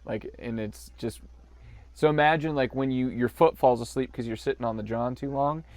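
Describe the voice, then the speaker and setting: A man's voice: mid-range voice, normal speed, dry recording. A man co-hosting a podcast, riffing on a movie in jokey, rambling banter and laughing often. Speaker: podcast co-host.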